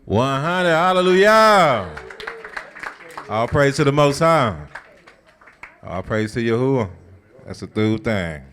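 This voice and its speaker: A man leading a scripture study, retelling the story in a colloquial, conversational and animated way. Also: medium pitch, slow, long pauses, slight background noise. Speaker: Bible study teacher. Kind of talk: casual sermon-style scripture teaching.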